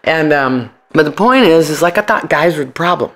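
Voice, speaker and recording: Here his voice runs on the high side, animated and fairly bright, at a normal speed. The forties-aged punk musician and comedian keeps sharing casual interview stories with blunt profanity, mimicking those he quotes.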